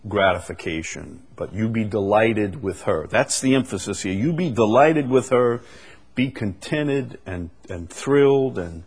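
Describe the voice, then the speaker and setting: Male preacher, husky, unhurried sermon delivery, leans hard on key words. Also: on the low side. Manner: slow, drawn-out delivery with bursts of emphasis. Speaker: pastor.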